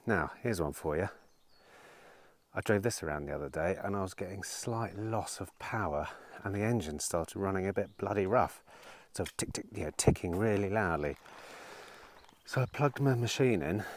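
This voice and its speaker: A man, a used car dealer chatting casually to camera, telling stories with dry sarcasm and plenty of swearing. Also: deep voice. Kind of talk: casual vlog monologue.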